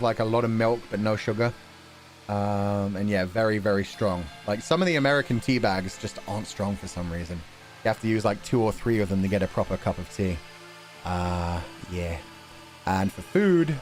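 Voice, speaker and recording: British male streamer, young adult, casual donation-reading chat, animated up-and-down delivery, easy laughs, bit of swearing. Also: on the low side, normal speed, faint music behind. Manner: relaxed, chatty, laughs often, swears casually. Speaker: streamer host.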